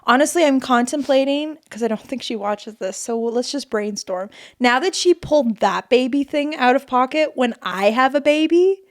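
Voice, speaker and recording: A young woman in her twenties co-hosting a podcast, telling animated stories with lots of swearing. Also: high-pitched, normal speed, hardly any pauses. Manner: animated storytelling, swears freely, acts out quotes. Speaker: podcast co-host. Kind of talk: casual chat.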